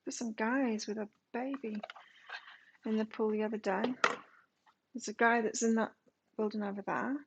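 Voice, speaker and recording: A woman's voice: fairly high pitch, fairly even intonation, normal speed, pauses often, background noise. A woman doing a live tarot reading, reading card meanings aloud and then musing on them in a casual way. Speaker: tarot reader.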